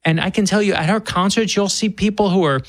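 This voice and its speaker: Earnest, gravelly man on a talk show. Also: high voice, fairly quick, dry recording. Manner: earnest, emphatic, repeats words when starting. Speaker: author guest. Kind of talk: radio interview.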